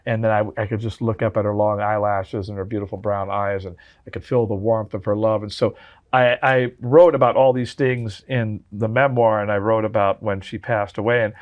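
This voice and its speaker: A man's voice: fairly low pitch, fairly even intonation, normal speed, muffled recording. A man in his sixties, a guest telling heartfelt stories in an interview, earnest and full of restarts. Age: 60s. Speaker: drummer and memoir author, guest. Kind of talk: interview conversation.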